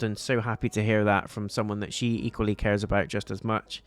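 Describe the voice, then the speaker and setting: Chatty low-voiced male TV reviewer. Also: flat delivery, brisk, few pauses. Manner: chatty recap, loosely paraphrasing dialogue. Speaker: TV episode reviewer. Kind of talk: casual spoken review.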